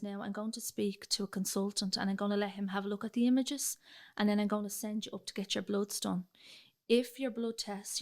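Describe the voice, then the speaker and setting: A woman's voice: medium pitch, vocal fry, a little mellow. A young woman with a Dublin accent, telling her personal story as a podcast guest and acting out the dialogue. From Ireland. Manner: chatty, retells dialogue, fillers like "like".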